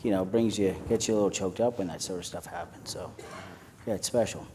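A young adult man with an Irish accent, an actor chatting on a panel stage and telling jokey, animated stories. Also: low-pitched, brisk, a crowd in the background. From Ireland. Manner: lively storyteller, jokey and animated. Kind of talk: casual panel chat. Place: panel stage at a screening venue.

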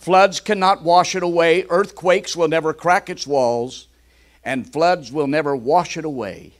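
A man's voice: on the high side, measured pace. An older man preaching a fervent sermon with exclamations.

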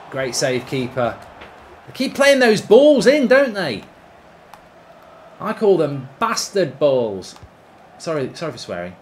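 A man streaming a football video game, reacting loudly, swearing and cheering at the play. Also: a little high, a little hiss or hum. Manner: excitable, swears, shouts at the game. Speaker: gaming streamer. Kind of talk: live football game commentary.

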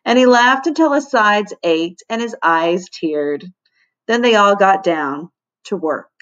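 A woman teacher reading a children's chapter book aloud to her class in an expressive storybook manner. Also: medium pitch, slow pace, lo-fi sound. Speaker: fourth-grade teacher.

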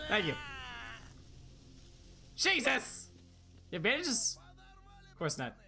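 A streamer giving excitable live commentary while playing a shooter, yelping and talking to chat. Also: medium pitch, normal speed, long pauses, music in the background. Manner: excitable, yelps and laughs, talks to chat.

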